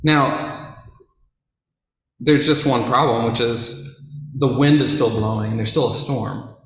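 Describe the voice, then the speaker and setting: A man retells a Bible story in a relaxed, chatty way, full of fillers and playful asides. His voice sits at a middle pitch. The recording is very echoey, as if made in a bare room. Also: takes it slowly. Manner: casual, conversational, with fillers and asides. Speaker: Bible teacher.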